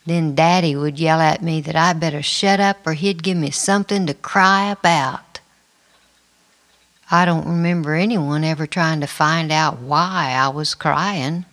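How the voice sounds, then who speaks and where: Slow, low-pitched woman reading a memoir. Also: a bit bright. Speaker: memoir narrator. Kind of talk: first-person memoir reading.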